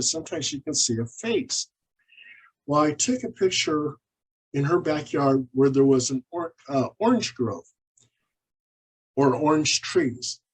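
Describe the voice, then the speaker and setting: A paranormal investigator and author, appearing as an interview guest, tells animated stories of his cases and acts out the quoted dialogue. His voice is a little high and slightly rough, and the audio is poor.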